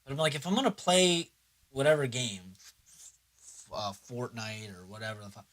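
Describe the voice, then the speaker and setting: A man's voice: mid-range voice, normal speed, a bit bright. A young man chatting casually on a livestream, rambling and swearing, sometimes talking himself through his computer setup. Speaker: streamer.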